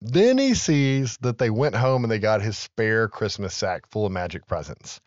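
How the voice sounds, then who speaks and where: A man's voice: on the low side, animated, moderate pace, no echo, dull audio. A man in his thirties, a podcast co-host, recapping a film in casual chat and acting out its lines with laughs.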